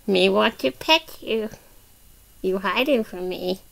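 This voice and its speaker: A woman's voice: medium pitch, expressive, takes it slowly, creaky, a bit bright, voice pushed down, exaggerated voice. A woman voicing a small, hungry, mischievous alien baby who speaks in broken baby talk. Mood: coaxing.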